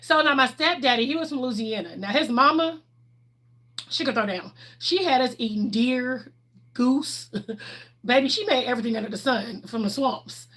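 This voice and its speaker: A woman's voice: on the high side, expressive, normal speed, bright, forceful tone, husky. A middle-aged woman, chatting candidly on a livestream and answering viewers' questions, laughing often. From Texas, USA. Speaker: livestream host.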